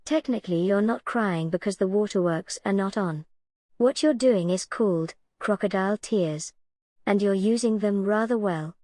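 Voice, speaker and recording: A woman's voice: medium pitch, moderate pace, darkish tone, no room sound. A woman giving reaction commentary in a sarcastic, dry, cutting manner.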